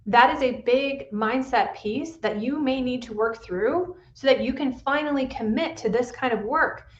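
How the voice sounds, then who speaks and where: A woman's voice: high-pitched, normal speed, roomy sound, dull audio. A woman pain specialist hosting a solo podcast, talking in an earnest coaching manner and often checking in with "right?".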